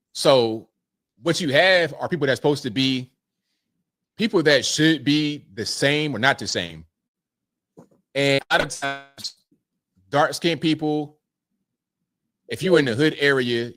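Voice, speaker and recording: A man's voice: mid-range voice, a bit bright, dry recording, clean studio sound. A man hosting a casual livestream, thanking viewers one by one and answering their comments in a laid-back way. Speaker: livestream host reading super chats.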